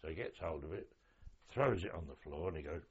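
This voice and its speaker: An older man from London, a veteran telling war stories in an oral history interview, lively and acting out the voices in his anecdotes. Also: very deep voice, brisk, dull audio, slight background noise.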